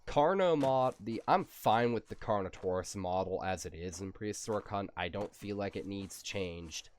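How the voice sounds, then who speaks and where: A man hosting a casual gameplay commentary. He rambles in a relaxed, drawn-out way, and his nose is a little stuffed up. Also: low-pitched, slight background noise. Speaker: gaming channel host.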